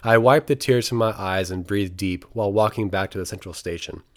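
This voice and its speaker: Low-voiced man reading a travel memoir. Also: brisk. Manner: earnest, reflective storytelling. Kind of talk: memoir narration read aloud.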